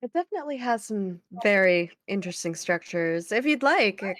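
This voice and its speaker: Woman, tabletop role-play player, chatty, giggly, lively swooping pitch. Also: moderate pace, no echo, studio quality.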